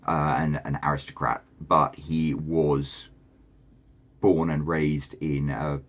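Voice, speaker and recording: A man's voice: rumbling low, level tone, slow. A man from Britain with a posh English accent, chatting enthusiastically as a video host. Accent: posh southern English. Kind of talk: casual talking-head commentary.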